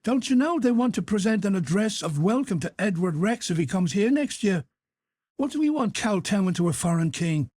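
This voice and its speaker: A man's voice: sits high, very animated, normal speed, a little mellow, no echo, voice pushed up. A man voicing a bitter, defiant working-class man who talks emphatically in an audiobook. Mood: indignant.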